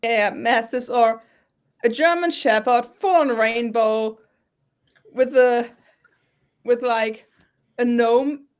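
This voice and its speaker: A woman running a tabletop game as game master, describing scenes in a chatty, halting way. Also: fairly high pitch, clear, resonant tone.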